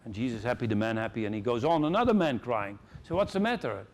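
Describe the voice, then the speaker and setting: A middle-aged man with a Dutch accent giving an animated, joking conference keynote in a large hall. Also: medium pitch, fast, slight background noise. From Netherlands. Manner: animated, joking, acts out quoted voices. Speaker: conference speaker.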